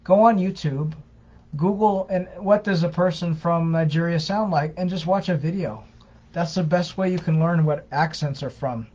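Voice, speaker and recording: A man's voice: on the high side, normal speed, a little mellow, slightly rough, lo-fi sound. A man co-hosting a casual live Q&A, explaining things earnestly and often repeating his words. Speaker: co-host of a scam-awareness page.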